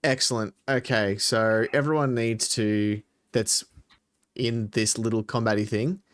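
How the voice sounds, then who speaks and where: A man's voice: lowish voice, fairly even intonation, unhurried. A man acting as dungeon master in a tabletop game, asking players for their rolls and describing the scene in a conversational way.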